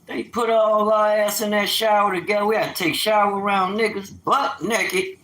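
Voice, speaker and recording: A man in his fifties telling stories on a casual livestream, animated and streetwise, with sudden loud outbursts. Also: high voice, normal speed, few pauses, reverberant, low-quality recording. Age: 50s. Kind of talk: casual storytelling.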